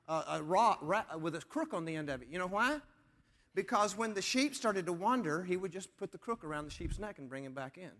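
A man preaching a sermon as pastor, moving between emphatic lines and hushed, slow stress on key words. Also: high voice. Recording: long hall reverb.

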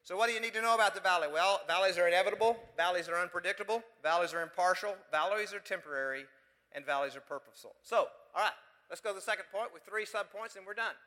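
A man's voice: high-pitched, fast talker, sharp tone, long reverb tail. A pastor from West Texas, preaching a sermon full of emphatic rhetorical questions to his congregation.

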